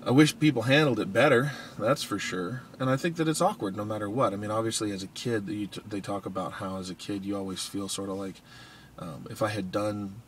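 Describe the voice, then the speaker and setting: Tired, yawning man with a low voice. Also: a little fast, slight background noise. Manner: rambling, with many ums and restarts. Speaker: vlogger. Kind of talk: casual morning vlog chat. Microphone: iPod Touch camera.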